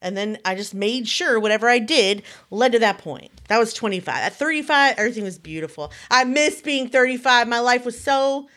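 Fairly high-pitched and brisk, with few pauses, this woman in her early forties co-hosts a laid-back podcast. Animated in her storytelling, she performs other people's words as she quotes them.

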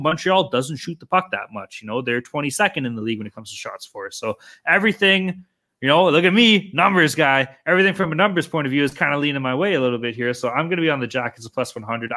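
A man's voice: mid-range voice, expressive, fast talker, bright, forceful tone. A man co-hosting a sports betting podcast, chatting casually and swearing often. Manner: loose, swears often, joking. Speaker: podcast co-host.

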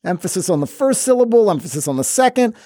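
A man's voice: high-pitched, sing-song, fast, dark tone, no echo, clean studio sound. A man hosting a sports podcast, talking with playful sarcasm. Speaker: podcast host. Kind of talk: wry sports podcast commentary.

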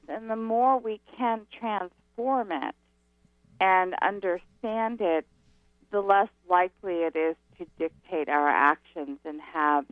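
A woman guest on a talk radio show calls in and explains spiritual ideas at an unhurried pace. She stresses her key words and lets her phrases land one by one. Her voice comes through a narrow, tinny phone line with a dry, close sound. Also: lowish voice, no room sound. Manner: slow, emphatic teaching. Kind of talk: radio interview.

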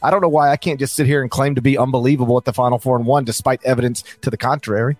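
A man's voice: medium pitch, fairly even intonation, very fast, dry recording, faint music behind. A man co-hosting a casual sports podcast, rambling and joking, now and then reading lines like an announcer. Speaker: podcast co-host.

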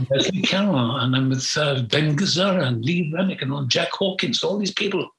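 An older man reminisces in an interview, frank and rambling, pausing often on fillers. His voice is bright and has an edge of tension. The recording carries a roomy echo. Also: on the high side. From Britain. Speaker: guest.

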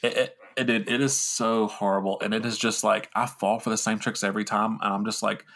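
A young man rambles through a podcast story, swearing plenty and making fun of himself, his speech loose and full of fillers and restarts. He talks fairly quickly in a level tone, with a low voice that has a gravelly fry and a bright, forward edge.

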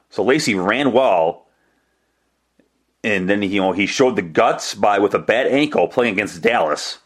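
A man with a somewhat low voice hosts a solo sports podcast. He talks in a chatty, rambling way, restarting his sentences and tossing in self-deprecating asides. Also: fairly bright tone. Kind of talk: casual solo podcast commentary.

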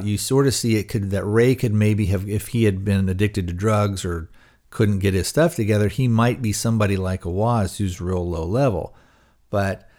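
A man's voice: fairly low pitch, darkish tone. A man hosting a podcast, casually recapping a TV episode with lots of fillers and restarts. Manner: rambling, many fillers and restarts. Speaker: podcast host reviewing a TV episode.

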